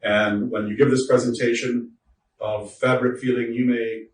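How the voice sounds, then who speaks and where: A man voicing a stiff, formal teacher trainer with a put-on English accent, speaking slowly and precisely, recorded from a distance in an echoey room. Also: medium pitch, flat delivery, natural voice. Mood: prim. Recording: roomy echo, distant mic, faint noise.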